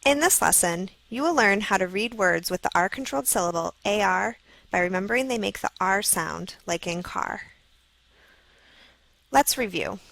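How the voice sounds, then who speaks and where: A woman with a gravelly edge reads a scripted phonics lesson, slowly and clearly sounding out each letter. The recording is dry and close, with no room sound. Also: mid-range voice, lively intonation, a bit bright, no echo, poor audio. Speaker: lesson video narrator. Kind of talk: scripted instructional narration.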